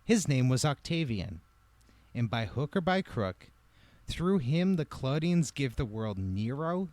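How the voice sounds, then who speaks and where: A man telling a comedic history story on a podcast, wry and profane, with lively delivery. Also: mid-range voice, measured pace, no room sound.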